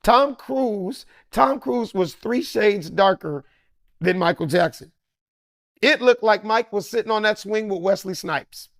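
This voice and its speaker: A comedian, a man, telling an animated story and acting out the lines of everyone in it. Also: high-pitched, unhurried, no echo, clean studio sound. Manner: lively, acts out every character's line.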